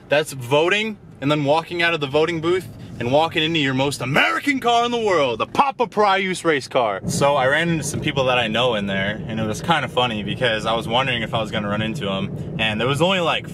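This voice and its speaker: A young man vlogging a casual food review, animated and ranting with loud exclamations. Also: medium pitch, noisy background. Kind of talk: casual vlog chat.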